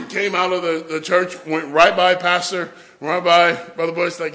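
A man telling lively stories in a tribute to his pastor at a church service, acting out the quotes and laughing along. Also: sits high, moderate pace, hardly any pauses. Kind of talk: anecdotal storytelling speech.

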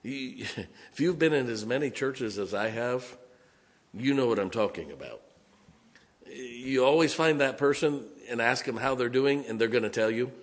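Middle-aged guy preaching, folksy, pokes fun with whiny voices, medium pitch. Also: lively intonation, moderate pace. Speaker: pastor. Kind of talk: sermon.

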